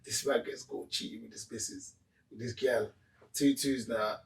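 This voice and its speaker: A man's voice: medium pitch, normal speed, vocal fry, recorded from a distance. A man co-hosting a casual podcast. He tells stories with lots of energy and acts out the people in them. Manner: animated storyteller, acts out the people in his stories. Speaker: podcast co-host. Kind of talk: casual chat. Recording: roomy sound, away from the mic.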